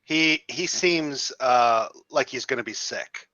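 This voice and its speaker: Bright-voiced game master man narrating. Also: medium pitch, no echo. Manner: halting, many fillers and restarts.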